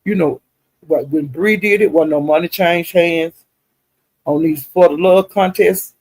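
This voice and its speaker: Gravelly gossiping man chatting to his stream. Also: fairly high pitch, unhurried, darkish tone, dry recording, low-quality recording. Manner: gossipy, drawling, addresses chat directly. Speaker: commentator recapping livestream drama. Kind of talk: casual chat to a livestream audience.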